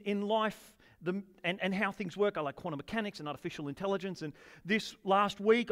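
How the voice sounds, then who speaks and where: A man's voice: sits high, fairly bright tone. A man preaching a sermon to a congregation, enthusiastic and conversational, often turning questions to the listeners. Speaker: pastor.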